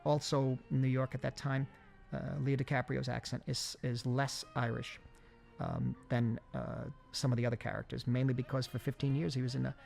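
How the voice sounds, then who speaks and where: A man talks through a film commentary in a halting way, stopping and restarting often. His voice has a heavy gravelly fry at a middling pitch. Faint music plays underneath. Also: flat delivery, darkish tone. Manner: halting, many fillers and restarts. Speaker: film director giving commentary.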